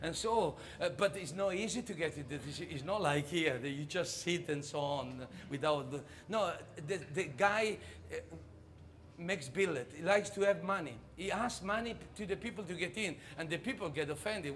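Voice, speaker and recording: Guy doing a funny monologue, high voice, keeps laughing mid-story. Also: a little hiss or hum. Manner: animated, halting, laughing through the story. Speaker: stage performer.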